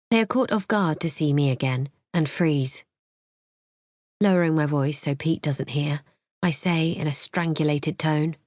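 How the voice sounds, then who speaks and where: A woman narrating a first-person audiobook thriller in a measured, tense storytelling manner. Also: low-pitched, a little mellow, no room sound, clean studio sound.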